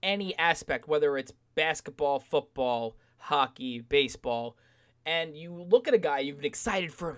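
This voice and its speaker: A man chats about sports in a loose, animated way, slipping into mocking sing-song voices. His voice sits a bit high. It is a relaxed podcast conversation. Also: normal speed. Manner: animated, mocks fans in sing-song asides. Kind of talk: casual sports chat.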